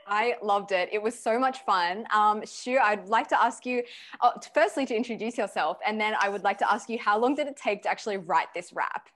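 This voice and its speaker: A woman hosts an online award ceremony over a video call. She talks in an even middle register and has a friendly way of putting things. She slips in fillers as she reads out the award notes. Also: medium pitch, fairly quick.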